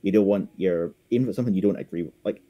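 A man's voice: deep voice, very fast, highs cut off. A man chatting on a podcast, rambling and hesitant with frequent laughs. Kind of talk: casual podcast chat.

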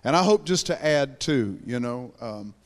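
A man's voice: medium pitch, expressive, unhurried. A middle-aged man with an Appalachian accent, opening a sermon as guest preacher and calling the crowd to praise. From mountains of Virginia. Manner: exuberant, calls for praise.

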